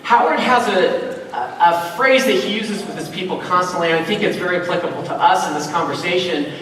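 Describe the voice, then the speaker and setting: A man from Utah giving a motivational keynote talk to a convention audience, telling stories with a lively, conversational touch and acting out the dialogue. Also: high voice, fairly quick, a little hiss or hum. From Utah, USA. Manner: animated storyteller, acts out dialogue, conversational asides. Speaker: keynote speaker. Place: large convention hall, live audience. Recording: echoey hall from far off.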